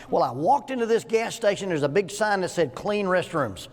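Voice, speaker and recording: A man's voice: high-pitched, sing-song, brisk, few pauses. A man in his sixties teaching a church lesson, folksy and full of jokes, often asking his listeners questions. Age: 60s. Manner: folksy, joking storyteller asking the audience questions. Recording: hall with long echo.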